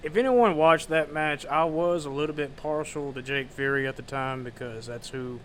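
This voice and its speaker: A man's voice: on the high side, moderate pace, a bit bright, slight background noise. A man talking candidly in a casual podcast chat.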